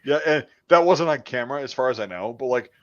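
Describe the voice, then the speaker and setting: A man casually chatting as a podcast host, swearing often and trailing off into quiet mumbles. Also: medium pitch, expressive, quick pace, highs cut off. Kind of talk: casual chat.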